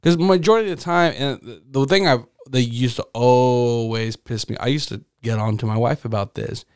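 Relaxed young man, dry close sound. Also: medium pitch, moderate pace, clean tone, dry recording. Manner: relaxed, rambling, with lots of fillers and swearing. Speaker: podcast co-host. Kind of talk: casual chat.

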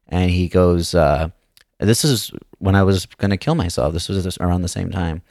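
A man, a guest comedian, telling a long personal story on a podcast in a casual, halting way with many restarts. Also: deep voice, fairly even intonation, darkish tone, no room sound, studio quality.

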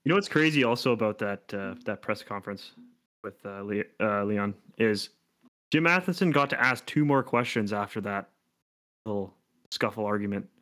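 A man's voice: fairly low pitch, lively intonation, normal speed, a bit bright. A man co-hosting a laid-back sports podcast. He talks casually, laughs a lot and playfully acts out other people's lines as he tells a story. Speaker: podcast co-host. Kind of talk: casual hockey chat.

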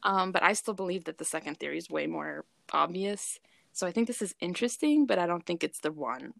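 A woman's voice: on the low side, gravelly, dry recording. A woman co-hosting a podcast in casual chat, talking in a hesitant way with many fillers. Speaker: podcast co-host.

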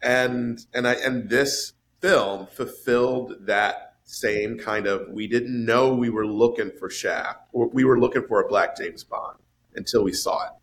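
A man in casual podcast chat about a film, animated and swinging his voice up high for emphasis. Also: measured pace. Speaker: podcast panelist discussing a film.

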